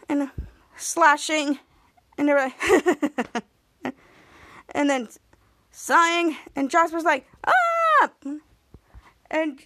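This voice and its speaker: Woman, podcast host, high voice, unhurried, rambling episode recap, lots of restarts. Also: pushed and bright. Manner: rambling retelling, strings scenes with "and then" and "like"; frequent restarts and self-corrections.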